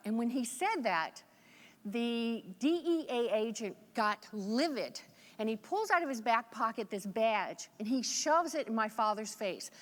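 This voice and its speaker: A woman's voice: fairly high pitch, normal speed. A woman from Virginia giving a motivational keynote speech at a conference, telling folksy, joking stories. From Virginia, USA. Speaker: motivational speaker. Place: large conference hall. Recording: echoey conference hall.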